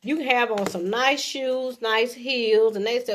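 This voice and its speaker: A woman's voice: unhurried, few pauses, a bit bright. A woman in her fifties giving casual relationship advice to camera in a chatty, folksy way, often checking in with okay. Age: 50s. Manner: chatty and folksy, often adding okay, acts out sweet lines to a partner in a high voice. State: coughing from allergies.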